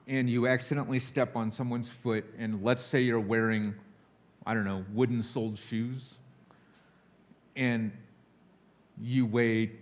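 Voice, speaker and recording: A man speaking from a church pulpit as a guest preacher. He sounds candid and a little nervous, confessional in tone, and he slips into quick acted-out voices for the people in his examples. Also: mid-range voice. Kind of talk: sermon. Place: church sanctuary.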